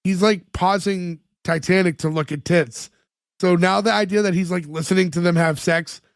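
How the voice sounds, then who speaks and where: A man co-hosting a podcast, retelling sitcom scenes in casual chat, full of "like" fillers and quick laughs. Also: sits high, steady tone, no room sound, clean studio sound. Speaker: podcast co-host.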